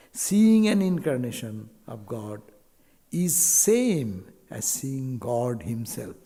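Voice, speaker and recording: A man giving a sermon as a swami, slow and emphatic, quoting scripture and rising to exclamations. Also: medium pitch, warm tone, long reverb tail. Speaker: swami giving a spiritual talk.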